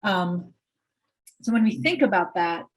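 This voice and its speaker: A woman's voice: lowish voice, expressive, unhurried, poor audio. A woman psychologist leading a workshop, talking directly to participants and coaching them. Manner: direct, coaching, asks the audience questions. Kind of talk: interactive workshop teaching.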